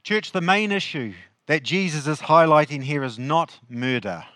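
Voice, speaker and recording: A man's voice: a little high, lively intonation, moderate pace, fairly bright tone, no echo. A male pastor, preaching a sermon in a conversational way and asking the congregation questions.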